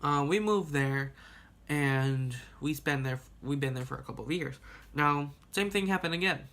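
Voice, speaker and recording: A young man telling a childhood story in a casual vlog, rambling and animated, laughing and swearing as he goes. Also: on the high side, normal speed. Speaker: vlogger.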